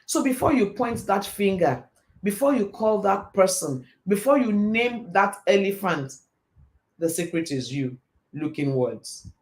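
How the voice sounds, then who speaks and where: Fast-talking man giving a faith talk. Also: sits high. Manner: fast, animated storytelling. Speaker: host. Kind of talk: motivational faith talk on a live stream.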